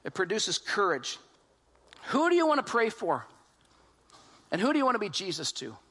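Lively high-voiced preacher man. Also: moderate pace. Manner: animated storytelling, asks the congregation questions; acts out quoted voices in his retelling. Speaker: pastor. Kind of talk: sermon.

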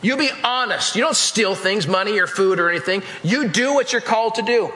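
A man's voice: sits high, a little fast, bright, forceful tone. A male pastor delivering an emphatic sermon in a church, repeating phrases and speaking straight to the congregation. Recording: echoey hall with long reverb.

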